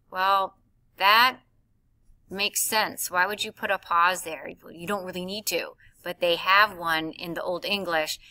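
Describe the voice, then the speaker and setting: A woman's voice: mid-range voice, bright, forceful tone. A woman teacher recording a lesson for her class, explaining step by step and reading verse aloud with heavy stress on the beats.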